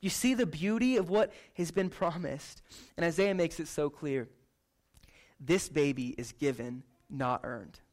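Male pastor, high bright voice, loose chatty sermon delivery, keeps checking in with the room. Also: a little slow. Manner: animated, chatty, lots of "like" and "right?" tags. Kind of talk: casual conversational sermon.

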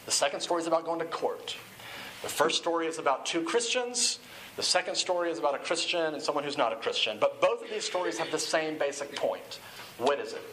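Man, pastor, sermon, high voice, bright tone, conversational and animated. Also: fairly quick, a little hiss or hum, low-quality recording. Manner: conversational, animated, acts out quoted shouting.

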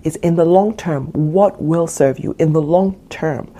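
A woman talks through a solo podcast episode in an earnest tone. She leans on repeated phrases to drive her points home. Her voice is mellow and a little husky, set slightly low. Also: unhurried. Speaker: podcast host and parenting coach.

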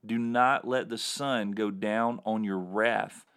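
A man's voice: fairly low pitch, steady tone, slow pace, fairly bright tone, clean tone. Earnest man teaching from the Bible. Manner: earnest, emphatic with repeated words. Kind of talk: sermon-style Bible teaching.

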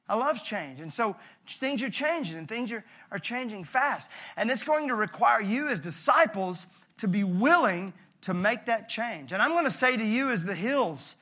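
A male pastor preaching a sermon in a conversational, animated way with jokey asides. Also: very high-pitched.

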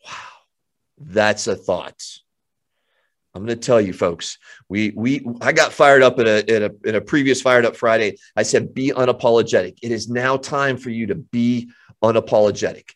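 A man coaching real estate agents in an energetic motivational talk, emphatic and often repeating himself. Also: medium pitch, moderate pace.

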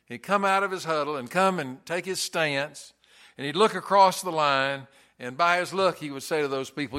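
A man's voice: fairly high pitch, moderate pace, pushed and bright. A man preaching a sermon in a church, earnest and folksy, telling stories with touches of humor. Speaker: pastor.

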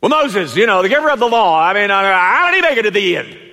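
A man's voice: high-pitched, fast talker, in a large hall, voice pushed up, exaggerated voice. A man voicing an eager male questioner who stutters and trips over his words. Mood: eager, stammering. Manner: stuttering, hesitant, excited.

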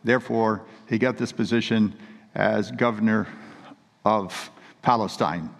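A creaky, fairly low male voice delivers a sermon at a measured pace and steady tone, its storytelling earnest and emphatic, with scripture read aloud. Long reverb from a large hall trails his words.

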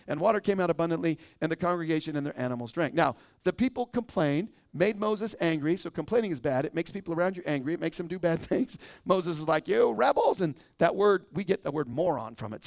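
Animated high-voiced male pastor. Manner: animated, acts out quoted complaints with laughs. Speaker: teaching pastor. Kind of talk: radio sermon.

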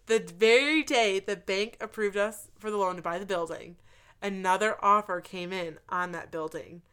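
A woman's voice: mid-range voice, moderate pace, clear, resonant tone. A woman in her thirties, earnestly telling a personal story in casual chat, saying "like" often. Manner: earnest, animated storytelling with frequent "like".

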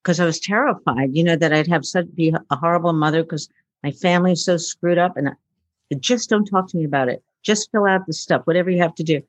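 A woman's voice: fairly low pitch, quick pace, no echo. Woman futurist rambling thru stories, lots of "you know", plays out the back-and-forth, dry close sound. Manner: chatty, acts out quoted dialogue, many fillers. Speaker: guest, futurist. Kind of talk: casual storytelling interview.

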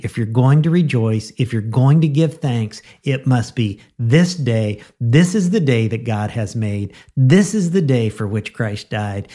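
A man's voice: medium pitch, a little mellow. Earnest man preaching a daily devotional. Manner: earnest, emphatic, with rhetorical repetition. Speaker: pastor and podcast host. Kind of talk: devotional sermon.

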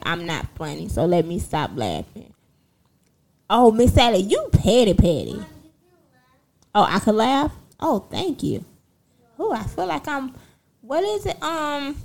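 A young woman talks casually to her viewers. She tells her story in a lively, sassy way, and her voice sits fairly high. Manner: animated, sassy storytelling with laughs. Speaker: livestream host.

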